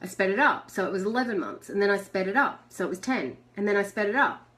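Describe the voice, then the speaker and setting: A middle-aged woman talks to her viewers in a live video chat. Her voice sits in an ordinary middle pitch. She is chatty and laughs often, speaking into a webcam. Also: lively intonation, fast, a bit bright. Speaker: host.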